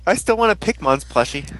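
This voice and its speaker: A man's voice: high voice, a bit bright, husky, no echo, poor audio. A young man hosting a casual podcast, rambling and laughing as he recaps an episode. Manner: giggly, rambling, mimics characters while recapping. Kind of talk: casual chat.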